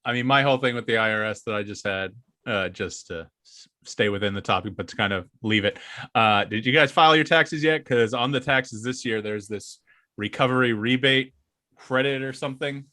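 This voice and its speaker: Bright, laughing, profane podcast man. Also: medium pitch, moderate pace, no room sound, studio quality. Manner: ranting, profane, laughs often. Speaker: podcast co-host. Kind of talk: casual podcast chat.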